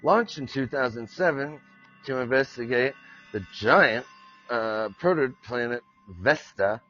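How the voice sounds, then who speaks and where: A man's voice: mid-range voice, expressive, measured pace, pushed and bright, dull audio, faint music behind. An American man hosting a podcast, reading out facts and drifting into rambling, self-mocking jokes. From United States. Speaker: podcast host. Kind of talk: joking solo podcast reading.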